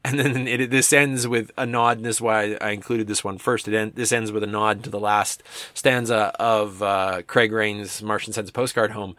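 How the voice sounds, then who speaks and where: A man's voice: on the low side, bright, forceful tone, dry recording. A man giving a reflective talk, reading comic captions aloud in a musing, amused way. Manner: musing, amused, with restarts and chuckles. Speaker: speaker discussing comics.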